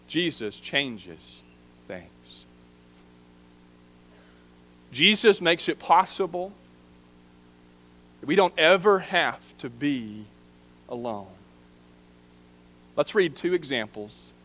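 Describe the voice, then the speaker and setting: Earnest man preaching a sermon. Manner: earnest, drops to soft low emphasis on key phrases. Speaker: preaching minister. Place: church sanctuary.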